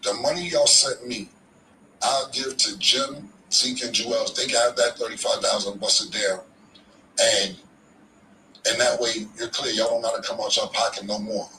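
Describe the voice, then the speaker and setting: A man's voice: medium pitch, fairly even intonation, measured pace, pushed and bright, reverberant, far from the mic, slight background noise, rough recording. A man telling a story in a casual, slangy, profane way, often repeating himself. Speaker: podcast guest telling a story.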